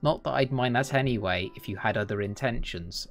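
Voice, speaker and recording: A man lends his voice to a tender, teasing young man from a dating game. The endearments come easily and the tone stays relaxed. A faint guitar plays behind. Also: medium pitch, brisk, natural voice. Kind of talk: reading a dating game aloud.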